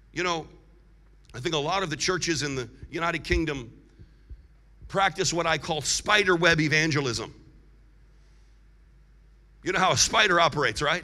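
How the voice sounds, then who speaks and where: A man preaching a sermon as guest evangelist, leading the congregation in call-and-response and building to loud, emphatic shouts. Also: on the high side. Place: large church hall. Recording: long hall reverb from a large church.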